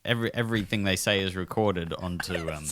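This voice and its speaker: A man on a podcast chatting casually, rambling through deadpan made-up facts and jokes. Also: sits low, fairly quick, a little hiss or hum. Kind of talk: casual chat.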